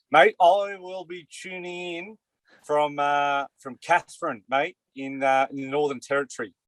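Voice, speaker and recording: A man's voice: mid-range voice, a bit bright, dry recording. A man with an Australian accent, talking in a rambling way in a casual sports chat and saying "mate" and "you know" a lot. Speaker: co-host, former player.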